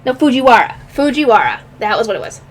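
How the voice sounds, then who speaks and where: She talks fast, very animated, with a fairly high pitch, reviewing an anime episode solo and casually. Her chat rambles, and she keeps stopping to search for names.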